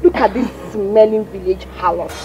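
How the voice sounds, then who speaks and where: An actress playing an insulting young bully with a Nigerian accent, loud and mocking. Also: female voice, medium pitch, normal speed, muffled recording, soft background music, close to an everyday voice. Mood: taunting.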